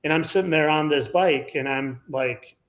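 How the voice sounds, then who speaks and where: A man's voice: a little high, normal speed, fairly bright tone. A man in his forties, a podcast guest telling a personal story in a rambling, casual way, full of "like" fillers. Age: 40s.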